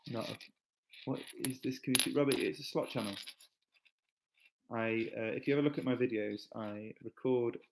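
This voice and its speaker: A man's voice: lowish voice, noisy background. A man chatting casually on a live stream, reading viewer comments aloud and joking back. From England.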